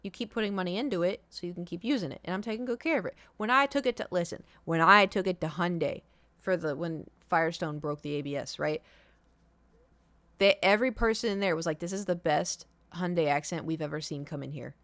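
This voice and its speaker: A woman's voice: on the low side, lively intonation, fairly quick, a bit bright, no echo. Rambling, chatty woman streamer. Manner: rambling and chatty, with many fillers. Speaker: livestreamer. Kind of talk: casual chat on a live stream.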